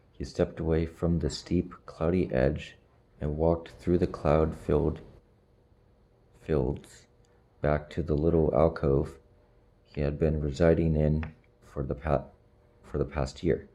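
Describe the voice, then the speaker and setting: A man reading a storybook aloud in slow, measured audiobook narration. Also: rumbling low, fairly even intonation, mellow.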